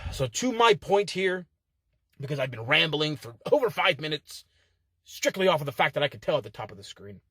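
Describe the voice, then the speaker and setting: A man's voice: on the high side, sing-song, normal speed, fairly bright tone, husky, no echo, clean studio sound. A man recorded inside a car, cutting a swaggering wrestling trash-talk promo full of heated profanity. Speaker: contestant in an online promo-cutting contest.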